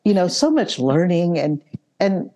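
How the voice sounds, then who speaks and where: A woman's voice: lowish voice, very animated, unhurried. A woman hosting a podcast interview, speaking heartfelt and earnest, repeating words as she searches for them and laughing now and then. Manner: stammering restarts, warm questioning, laughs. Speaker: podcast host.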